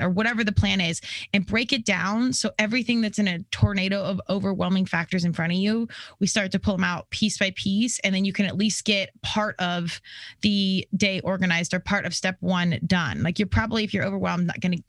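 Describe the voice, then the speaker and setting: A tired woman hosting a casual solo podcast, her voice gravelly with fry. She talks in a candid, rambling, self-deprecating way. The sound is close and dry, with no room echo. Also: medium pitch, brisk. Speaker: podcast host.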